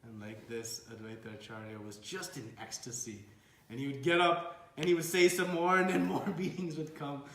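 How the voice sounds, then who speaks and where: A man telling a devotional story as a sermon, animated and acting out the characters. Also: on the high side, moderate pace, roomy sound. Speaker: devotional speaker.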